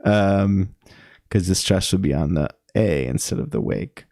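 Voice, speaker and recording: Slow, gravelly-voiced man musing on poetry. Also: low voice, darkish tone, no room sound, studio quality. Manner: musing, halting, many ums and self-corrections. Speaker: poetry commentator. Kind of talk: casual spoken analysis.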